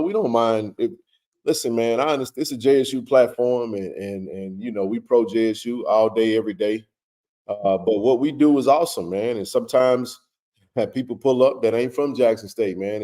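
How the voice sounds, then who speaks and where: A man hosting a casual live stream, greeting viewers by name with a relaxed, filler-heavy way of talking. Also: on the low side.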